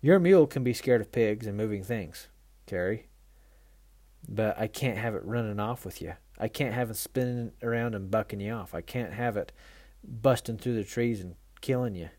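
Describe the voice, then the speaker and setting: A man's voice: lowish voice, normal speed, a little mellow, dry recording. A man who hosts a mule training tips show, telling a folksy, self-mocking story with frequent laughter and then turning it into a riding lesson.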